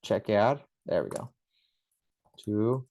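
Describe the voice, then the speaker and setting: A man teaching a few Spanish phrases for patient exams, in a loose, chatty way, slowing down to say each phrase carefully. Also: lowish voice, darkish tone. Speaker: chiropractor teaching clinic Spanish. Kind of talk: casual instructional talk.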